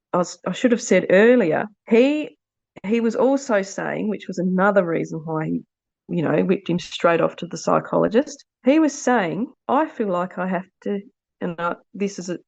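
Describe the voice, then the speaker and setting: A woman's voice: fairly low pitch, dry recording. A woman in her thirties, a mother on a podcast, telling her family's story in a rambling, earnest way. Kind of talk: casual storytelling. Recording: dull lo-fi dry sound.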